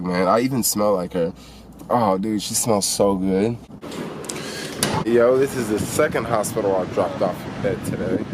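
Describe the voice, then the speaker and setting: Man, delivery-driver vlogger, lowish voice, chatty storyteller, faint street noise. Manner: animated, retells events with quoted dialogue. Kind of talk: casual storytelling vlog. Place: in and around a car in a city.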